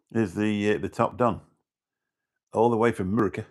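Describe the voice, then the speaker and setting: A man's voice: lowish voice, steady tone, moderate pace, long pauses, a little mellow. A British man hosting a livestream, chatting casually and rambling as he greets viewers in the chat. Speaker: livestream host.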